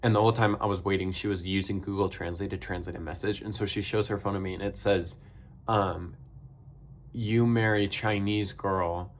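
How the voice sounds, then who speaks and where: A man's voice: sits low, fairly even intonation, fast talker, slight background noise. A young man vlogging, telling a story in a casual, rambling way full of fillers, with a wry edge.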